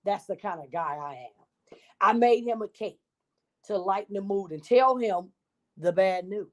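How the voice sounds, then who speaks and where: A woman's voice: medium pitch, expressive, a little slow, natural voice. A woman voicing a self-pitying male wolf who tells his own side of the story in a wheedling, innocent tone.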